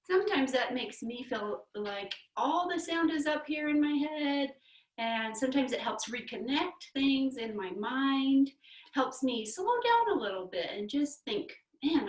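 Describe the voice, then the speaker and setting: A woman's voice: high-pitched, far from the mic. Young female kids' yoga teacher, playful and encouraging, echoey room. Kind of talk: guided kids yoga instruction. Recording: echoey room, away from the mic.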